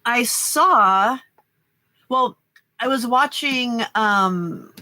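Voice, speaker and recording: A woman's voice: fairly high pitch, extremely slow, bright, forceful tone, no echo. An older woman hosting a late-night craft livestream, chatting casually with a stuffy nose, rambling and greeting viewers by name. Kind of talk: casual chat while crafting.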